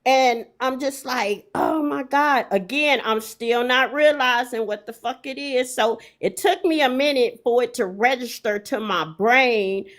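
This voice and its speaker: Middle-aged woman, raised pitch, animated profane storyteller who leans on emphatic repetition. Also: unhurried, few pauses.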